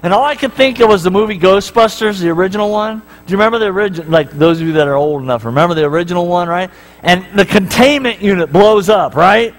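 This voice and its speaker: A man's voice: sits high, quick pace, rough recording. A man preaching a sermon as pastor in a church, telling stories and jokes in a casual way and often asking the crowd "right?".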